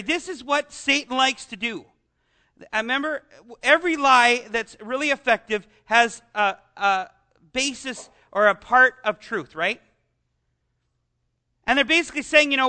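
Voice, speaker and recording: Bright high-voiced Canadian pastor. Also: male voice, moderate pace. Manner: conversational, self-deprecating preaching with asides. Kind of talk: sermon.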